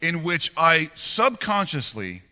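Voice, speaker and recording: A man in his forties preaching with a very bright, ringing voice that swings widely up and down. He speaks earnestly, often stumbling and repeating words as he tells a personal story. The sound carries a long hall reverb. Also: fairly high pitch, sing-song, takes it slowly. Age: 40s. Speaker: pastor.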